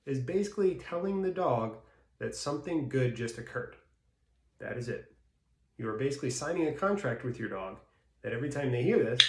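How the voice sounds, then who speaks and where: A man's voice: medium pitch, darkish tone. A man gives a dog-training lesson, walking through ideas in a plain, explanatory way. His voice sits in the middle of the male range. The recording has a noticeable roomy echo around it. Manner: plain explanatory, acts out baby-talk praise in bursts. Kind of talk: instructional talk.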